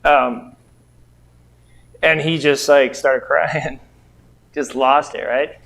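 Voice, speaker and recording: A man's voice: medium pitch, fairly even intonation, very slow, gravelly, a bit bright. A middle-aged man, a real estate investor and trainer, telling rambling anecdotes full of quoted dialogue to a training group. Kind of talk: casual storytelling to a training group.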